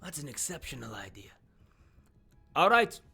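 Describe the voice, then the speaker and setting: A man voicing a cool, menacing female crime boss who collects debts, speaking in a calm, clipped, cold way in a fantasy tabletop game. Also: on the high side, normal speed, vocal fry, slightly rough, soft background music, heavily acted. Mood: brisk.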